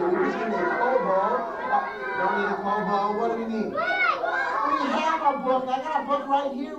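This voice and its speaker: Middle-aged woman hosting a kids puppet show, high bouncy voice, big gasps, loud crowd of kids, sounds far off. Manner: animated, exaggerated gasps and surprise for children. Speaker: school assembly performer with puppets. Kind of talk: children's show with audience call-and-response. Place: school assembly hall. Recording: roomy hall audio from far off, with children's crowd noise. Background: crowd of children.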